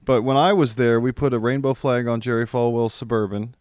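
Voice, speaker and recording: A man's voice: medium pitch, a little fast, clean tone, no room sound. Profane storytelling man, dry close mic. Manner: profane, storytelling, deadpan asides. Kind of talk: casual comedic chat.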